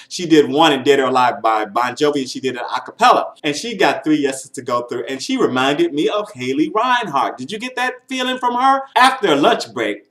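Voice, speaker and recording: A man's voice: mid-range voice, a bit bright, roomy sound. A man giving a casual, chatty recap of talent show auditions, with mock-shocked asides. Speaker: show commentator.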